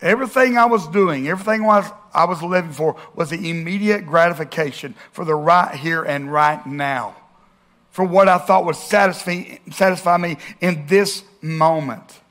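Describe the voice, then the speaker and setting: A male pastor preaching a sermon, asking rhetorical questions and swinging between loud and hushed. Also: on the high side, normal speed.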